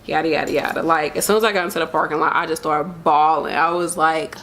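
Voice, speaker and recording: A young vlogger chats to camera about her pregnancy, emotional and candid, wandering through her thoughts with lots of fillers. Her voice sits low with a steady tone, quick pace and a bit of brightness.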